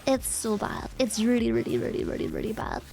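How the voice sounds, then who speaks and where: A woman's voice: fairly high pitch, steady tone, brisk, creaky, mellow. A woman from Germany with a German accent, her first language German, chatting casually and giggling as a streamer reacting to videos.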